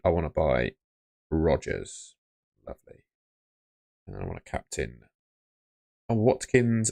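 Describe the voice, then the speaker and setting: A man's voice: low voice, creaky, darkish tone, no room sound. A young man hosting a live stream, chatting casually and muttering to himself as he sorts things out on his phone. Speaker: livestream host.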